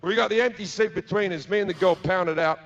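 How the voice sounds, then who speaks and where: A man's voice: high voice, a little fast. A man with an Australian accent doing stand-up, telling a crude, profane story and acting out the people in it. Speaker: stand-up comedian. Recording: dull lo-fi live recording with noise.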